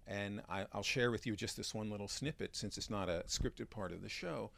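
Man, low voice, interview guest, chatty, frequent restarts, performer. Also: moderate pace, gravelly, a bit bright. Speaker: magician, comic and actor. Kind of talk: interview conversation.

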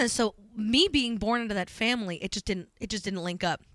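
A woman's voice: mid-range voice, animated, moderate pace, a bit bright, dry recording. A woman chats in a rambling, giggly way, with plenty of fillers. She co-hosts a podcast, and her voice sounds dry and close. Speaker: podcast co-host. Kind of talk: casual chat.

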